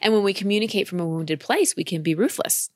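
A woman's voice: medium pitch, animated, fast, no room sound, studio quality. A woman giving a caller direct, emphatic emotional coaching in a conversation. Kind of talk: advice conversation.

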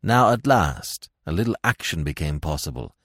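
A man narrating a classic suspense story in a dramatic, expressive storytelling manner, recorded on a close studio microphone. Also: a bass voice, moderate pace, husky, dry recording. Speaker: podcast narrator. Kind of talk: scripted audiobook narration.

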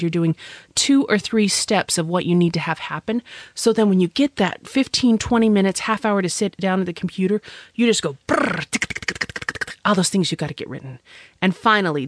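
Chatty bubbly woman, mid pitch, super dry close sound. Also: no echo. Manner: bubbly, exclamatory, chatty with big swings in pace. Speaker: business owner sharing tips. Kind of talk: recorded guest message for a podcast.

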